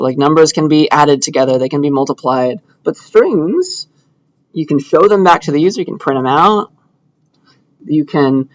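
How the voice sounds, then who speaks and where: A man's voice: on the high side, dull audio. A young man giving a casual computer science lecture, talking students through a coding demo while he clicks. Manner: casual, chatty, thinking aloud while clicking through code. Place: lecture hall.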